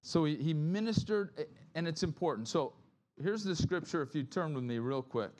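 A man's voice: on the high side, animated, normal speed, darkish tone. A male pastor preaching a conversational sermon, often checking in with "right?" and acting out grumbling complainers in quoted asides.

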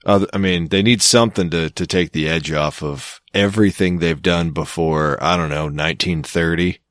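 A man's voice: deep voice, steady tone, normal speed, fairly bright tone, no room sound, studio quality. A man co-hosting a comedy podcast, talking in loose, rambling banter and swearing freely. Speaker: podcast co-host.

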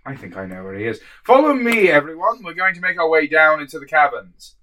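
A man's voice: a little high, very animated, brisk, sharp tone, slight background noise, low-quality recording. A man playing a tabletop game, speaking playfully and slipping into a lordly character. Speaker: player. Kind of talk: tabletop role-play, casual.

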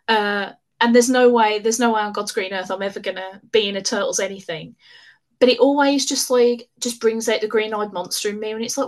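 A woman chatting casually as a podcast guest. She talks in an animated, rambling way, full of fillers and quick laughs, with a pitch that sits in the middle of the usual range. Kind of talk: casual chat.

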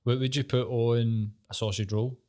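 A man's voice: mid-range voice, steady tone, moderate pace, dark tone. A Scottish man hosting a podcast, all casual chat. He swears freely, riffs and banters, and breaks into laughter often. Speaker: podcast host.

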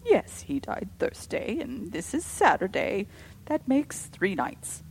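A stern, rigid woman, as a woman puts her on for a storybook reading. She speaks in a clipped, forceful way, pitched a little above the reader's own voice and loud. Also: wildly swooping pitch, unhurried, a little hiss or hum, heavily acted. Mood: tense. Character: rigid, sharp-tongued woman, stern and fierce.

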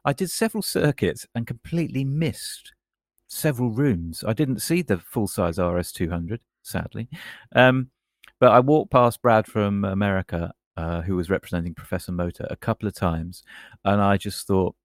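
Low gravelly man, casual podcast chat. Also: normal speed, no echo. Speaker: podcast co-host.

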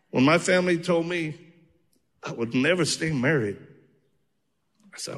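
A man who is an evangelist answering questions on stage in a church, animated and joking as he tells stories from his ministry. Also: a little high, unhurried, long pauses. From outside the United States. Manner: animated storyteller, joking and earnest. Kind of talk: testimony-filled Q&A answers. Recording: long reverb of a large church hall.

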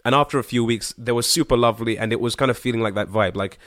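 A man from Zimbabwe tells a story as a guest musician in a casual chat. He talks in an animated, slangy way, full of fillers and the odd curse. His voice sits at a middle pitch, and the sound is dry and close, with no room echo. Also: fast talker. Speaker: guest singer-songwriter.

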